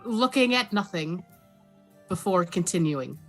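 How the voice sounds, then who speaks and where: A woman narrating a tabletop game as dungeon master, halting with many fillers. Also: medium pitch, bright, forceful tone, soft background music.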